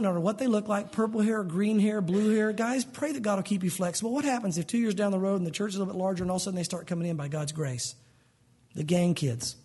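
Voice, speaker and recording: Fast-talking husky-voiced pastor preaching. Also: male voice, sits high, a little mellow. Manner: conversational preaching, acts out quoted voices. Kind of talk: sermon.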